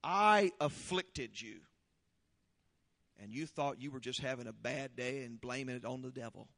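A man preaching a sermon, leading prayer and praise with fervor, then reading scripture slowly and explaining it. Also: medium pitch, in a large hall. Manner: fervent, shouting praise then slow deliberate teaching. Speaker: pastor.

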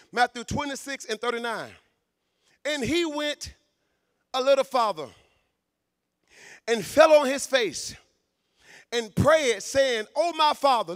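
A man preaching a sermon in a church, fervent, shouting for emphasis and stumbling over repeated words. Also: extremely high pitch, dry recording, studio quality.

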